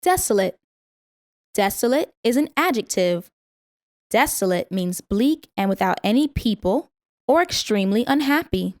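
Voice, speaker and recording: Woman, mid pitch, lesson narrator with careful pronunciation, dry studio sound. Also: lively intonation, darkish tone, no echo. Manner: slow, careful word-by-word pronunciation. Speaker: vocabulary teacher. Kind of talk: scripted vocabulary lesson reading.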